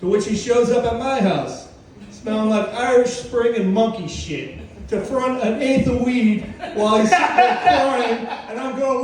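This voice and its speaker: A man doing crude stand-up storytelling, loudly acting out shouted quotes, on a comedy club stage. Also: very high-pitched, unhurried. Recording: echoey club from far off with noise.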